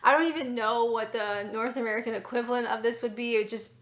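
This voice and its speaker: A young woman with a Canadian accent talks through a list of words in a relaxed, chatty way. Her voice sits a touch high, and she laughs and acts out little example phrases as she goes. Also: fast talker. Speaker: video creator explaining British words. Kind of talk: casual explanation to camera.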